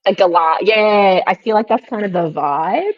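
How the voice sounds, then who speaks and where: A woman's voice: mid-range voice, lively intonation, a little slow, highs cut off. A woman co-hosting a podcast, chatting casually and laughing often. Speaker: podcast co-host. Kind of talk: casual chat.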